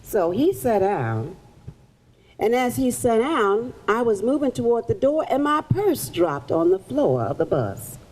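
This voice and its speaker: A woman performing as a historical figure, telling her story in the first person to children at a library in a theatrical, animated way. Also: a little high, measured pace, slightly rough, rough recording. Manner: animated, theatrical, directs audience volunteers. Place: public library event room.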